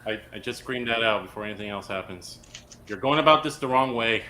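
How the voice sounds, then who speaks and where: A male player in a casual tabletop session with a bright, forceful voice. He talks eagerly and insistently, tripping over his first words, with a faint hiss behind him. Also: mid-range voice, a little fast. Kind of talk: casual tabletop game chat.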